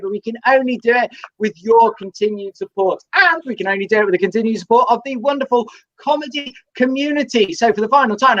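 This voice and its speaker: A woman's voice: a little high, fairly bright tone, no room sound, lo-fi sound. Bubbly woman hosting a comedy show. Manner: bubbly, laughs often. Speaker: host. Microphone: video call.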